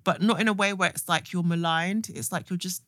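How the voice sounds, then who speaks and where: A podcast co-host in casual chat, speaking softly and reflectively about a trip home. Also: medium pitch, steady tone, fairly quick, dry recording, studio quality.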